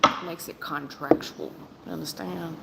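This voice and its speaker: A woman's voice: low-pitched, fairly even intonation, normal speed. A woman reading tarot on a livestream, blunt and a little sarcastic as she talks straight to her chat viewers and calls them baby and hon. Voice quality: blunt, sarcastic-sounding delivery. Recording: echoey room with clear background noise.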